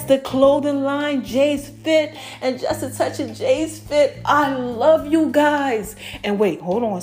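A woman's voice: on the high side, a little mellow. Bubbly, effusive woman podcast host. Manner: effusive, chatty, lots of "y'all" and "oh my gosh". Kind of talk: excited casual podcast chat.

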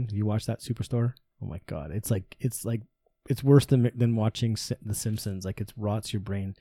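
A man with a low, mellow voice hosting a podcast, telling stories in an animated, casual way with frequent swearing. The recording is dry and close to the mic. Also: no room sound. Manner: animated, swearing, laughing storyteller. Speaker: podcast host. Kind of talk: casual chat.

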